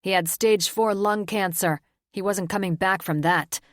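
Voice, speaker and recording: A woman reading an audiobook, voicing a cruel, sneering male government agent who shouts frantic orders. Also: mid-range voice, a little slow, dry recording, studio quality, lightly acted. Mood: mocking.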